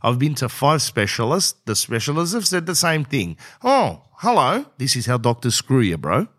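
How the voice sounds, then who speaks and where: A man's voice: medium pitch, animated, moderate pace, a bit bright. A middle-aged man telling a rambling comic story, acting out both sides of the dialogue and saying "bro" a lot. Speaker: comedian.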